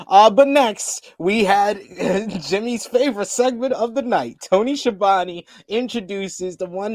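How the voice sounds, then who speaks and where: A man's voice: high voice, a little mellow, dry recording. A man co-hosting a casual wrestling review, recapping the show with frequent laughs. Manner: laughs often while recapping. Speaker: co-host.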